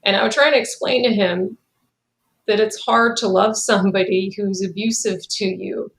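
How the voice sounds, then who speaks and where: A woman's voice: medium pitch, steady tone, moderate pace, gravelly. A woman in her thirties telling her own story in a candid, conversational way, full of "like" and "you know", often quoting what was said. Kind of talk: candid personal account. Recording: roomy echo.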